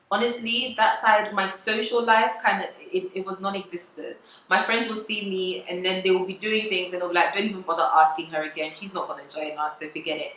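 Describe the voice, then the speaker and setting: A young woman talks to her viewers in a relaxed, confessional way and laughs easily. Her voice is bright and forward. The room is echoey, with a faint hum of ambience behind her. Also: medium pitch. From England. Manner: chatty, confessional, laughs often. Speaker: vlogger. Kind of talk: casual vlog talk to camera.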